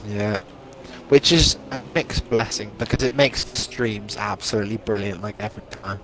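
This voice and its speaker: A man's voice: lowish voice, moderate pace, pushed and bright, a little hiss or hum, poor audio. A young man doing casual, jokey commentary on a sim racing stream, laughing and swearing now and then while he fights off hiccups. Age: young adult. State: has hiccups. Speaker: race commentator.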